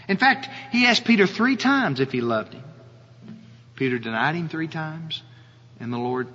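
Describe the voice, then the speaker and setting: A male pastor preaching a sermon, slow and earnest, often asking his listeners rhetorical questions. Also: a little high, a bit bright, breathy edge. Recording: dull audio with long hall reverb.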